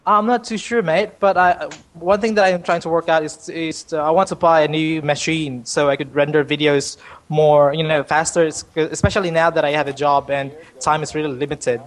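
A man chatting as a podcast guest, friendly and hesitant, with many restarts and pauses. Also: fairly high pitch, fairly even intonation. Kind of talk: casual chat.

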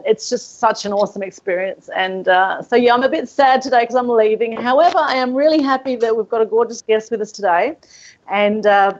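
An Australian woman hosting a podcast remotely from a holiday resort. She talks in an effusive, chatty way at a mid pitch. The sound is dull and lo-fi, like a remote line. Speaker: podcast host. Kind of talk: casual podcast chat.

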